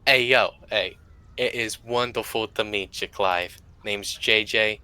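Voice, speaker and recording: Man doing a brash cheeky adventurer, loud, bright voice, tabletop game. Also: lowish voice, fairly even intonation, takes it slowly, clean tone, no echo, exaggerated voice.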